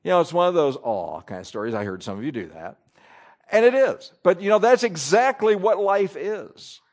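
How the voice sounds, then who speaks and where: A pastor preaching a sermon in church, reading Scripture aloud with emphatic rises and drops. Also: male voice, high-pitched, sing-song, moderate pace.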